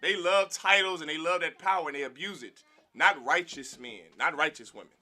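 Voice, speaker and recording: Bright-voiced man preaching a Bible class. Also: on the high side, brisk. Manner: animated, calls for response, mimics others. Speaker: class teacher.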